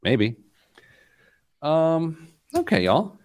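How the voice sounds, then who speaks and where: A man hosting a money podcast in casual chat, joking and animated. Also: on the high side, no echo. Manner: joking, animated, quick asides. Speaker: podcast host.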